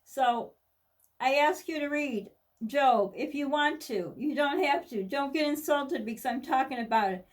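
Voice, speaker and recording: A woman's voice: sits high, a little slow, far from the mic. A middle-aged woman from the United States, talking candidly and rambling in a personal vlog, with many restarts and asides. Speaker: vlogger.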